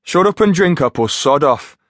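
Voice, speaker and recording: A man voicing a cocky young male soldier with a Geordie accent, teasing loudly. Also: a little high, animated, moderate pace, no echo, clean studio sound, pitched above the performer's own voice. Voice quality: brash, teasing, loud.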